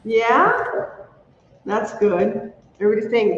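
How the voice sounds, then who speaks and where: This excitable woman chats through her crafting livestream at a measured pace with long pauses, letting out high squeals when something thrills her. The audio is slightly dull and lo-fi, carrying a faint hum, and each phrase rings on in the roomy space.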